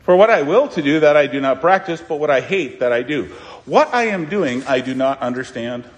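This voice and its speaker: Man, pastor, sermon, fairly high voice, very lively pitch, emphatic, sudden hushed asides. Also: long reverb tail, dull audio. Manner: emphatic preaching with dramatic pauses and sudden quiet asides.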